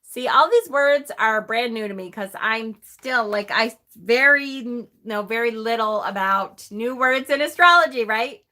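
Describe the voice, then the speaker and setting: Woman, live stream host, chatty, laughing, a little high, bright tone. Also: a little slow, hardly any pauses. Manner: chatty, laughs often, reads aloud and answers chat. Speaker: host of a tarot channel. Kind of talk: casual live-stream chat.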